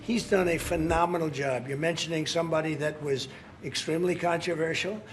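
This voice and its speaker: A man's voice: on the high side, fairly even intonation, a little fast, slight background noise, rough recording. Combative man at a press conference. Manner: combative, repetitive, cuts reporters off. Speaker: politician taking press questions.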